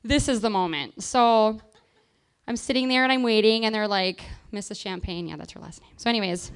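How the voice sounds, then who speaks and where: A young woman telling a personal story on stage in a chatty, laughing, animated way. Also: on the high side, fairly quick, clean tone.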